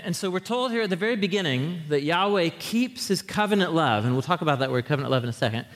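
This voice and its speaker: A man giving a conversational sermon with slides, talking straight to his listeners in an animated way and often restarting his sentences. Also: on the high side. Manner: animated, talks to the audience directly, frequent restarts. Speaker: teacher preaching a sermon series. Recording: long hall reverb.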